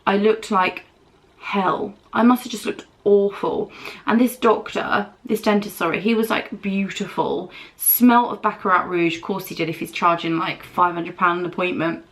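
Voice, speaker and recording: A woman's voice: medium pitch, steady tone, moderate pace. A British woman vlogging casually at home while doing her makeup, telling a long, candid story while recovering from dental treatment. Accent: British English. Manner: chatty, candid, rambling storytelling. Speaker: beauty vlogger.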